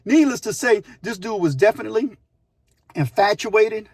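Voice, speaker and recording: A middle-aged man telling a prison story in a casual, slangy, animated way. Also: sits high, normal speed, breathy edge, no echo, clean studio sound. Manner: animated, slangy, acts out every voice. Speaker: storyteller, former inmate.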